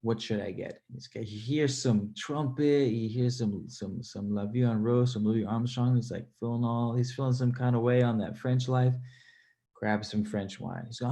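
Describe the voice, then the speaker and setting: A man hosting a casual livestream, reading viewer comments aloud, animated and swearing freely as he talks. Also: medium pitch, normal speed. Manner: animated, swears freely, laughs between points.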